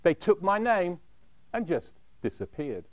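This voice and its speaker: In a high, widely swooping voice with big pitch swings, a man tells a dramatic story in the first person. He speaks at a measured pace, letting each phrase drop away low and quiet. The sound is close and dry, without any room echo.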